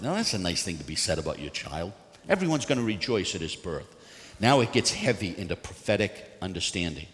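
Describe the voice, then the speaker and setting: A man preaching a sermon and reading scripture aloud, swinging between loud bursts and hushed, earnest moments. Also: low voice, very animated, fairly quick. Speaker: pastor. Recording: long hall reverb.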